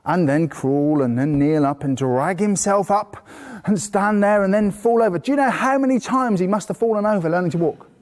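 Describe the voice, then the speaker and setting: A man teaching a horse-training course to a live group indoors, telling lively stories and bursting into playful praise voices. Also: high-pitched, normal speed. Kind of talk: live workshop talk to a group. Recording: long hall reverb.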